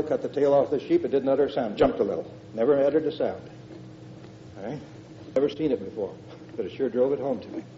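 A man's voice: mid-range voice, dark tone, dull audio, a little hiss or hum. An older man preaching a conversational verse-by-verse sermon, emphatic, with frequent fillers and restarts.

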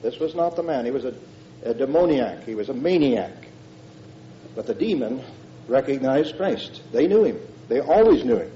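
A man's voice: medium pitch, mellow, slight background noise. Older man preaching on muffled old tape. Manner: conversational, emphatic, with frequent fillers and restarts. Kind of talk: verse-by-verse sermon.

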